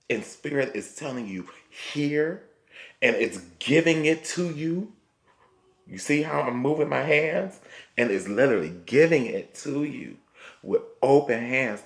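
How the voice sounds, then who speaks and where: Guy doing a slow spiritual tarot reading, kinda gravelly voice, keeps saying okay?. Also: mid-range voice, expressive. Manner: slow, repetitive, reassuring, punctuated by "okay?". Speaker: tarot reader.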